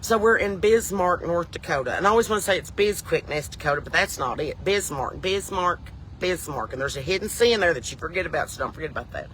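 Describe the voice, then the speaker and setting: A woman's voice: on the low side, expressive, fast, hardly any pauses, fairly bright tone, a little hiss or hum. A woman with a thick Southern US drawl, telling folksy, rambling comedy stories in casual chat. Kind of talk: chatty comedic storytelling.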